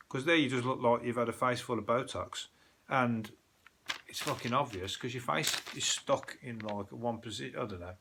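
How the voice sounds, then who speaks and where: A man's voice: medium pitch, moderate pace, vocal fry, a bit bright, a little hiss or hum. A man with a Birmingham accent, host of a newspaper review, chatting casually in a sweary, sarcastic, rambling way. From Birmingham, England. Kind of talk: casual chat.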